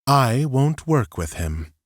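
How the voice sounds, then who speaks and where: A man voicing a calm, formal ambassador who speaks in a measured, precise way. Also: mid-range voice, no echo, studio quality, pitched above the performer's own voice. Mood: calm insistent.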